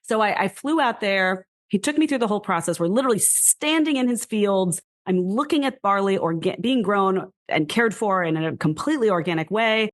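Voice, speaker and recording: A woman's voice: mid-range voice, normal speed, few pauses. A woman from the United States, a guest in a casual interview, telling her story animatedly with frequent laughs and lots of "like.". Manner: animated, laughing, heavy use of "like". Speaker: guest, whisky brand founder.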